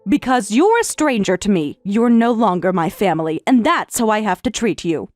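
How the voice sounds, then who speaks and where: A woman voicing a middle-aged stepmother, speaking in a calm, detached and formal way. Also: medium pitch, normal speed, dry recording, soft background music, lightly acted. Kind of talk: story narration with voiced roles.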